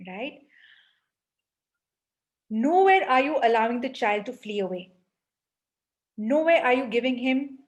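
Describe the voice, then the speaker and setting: Woman coach, workshop leader; emphatic, rhetorical checks with the audience, slightly higher voice. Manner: emphatic, frequent rhetorical "right?". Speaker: parenting coach. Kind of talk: live online parenting workshop.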